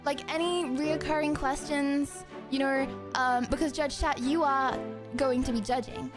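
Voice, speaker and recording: A young woman streamer chatting casually with her viewers in an excitable, giggly, rambling way. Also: sits high, a little slow, music in the background. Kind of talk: casual live-stream chat.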